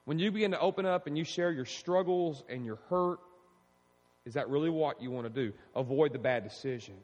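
A male pastor preaching a sermon, animated and emphatic, calling out to his congregation. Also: fairly high pitch, fairly quick. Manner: animated, preaching with rising emphasis and audience call-outs. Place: church sanctuary. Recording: long reverb in a large hall.

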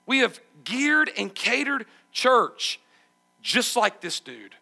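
Male pastor, bright and gravelly, emphatic sermon delivery. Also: very high voice, big pitch swings, slow. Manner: emphatic, asks the congregation questions.

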